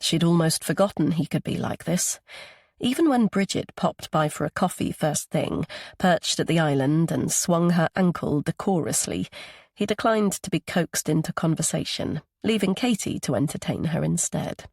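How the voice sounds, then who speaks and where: A woman's voice: low voice, moderate pace, vocal fry, darkish tone, breathy edge, dry recording, clean studio sound. A woman narrating a psychological thriller audiobook, giving each character its own voice.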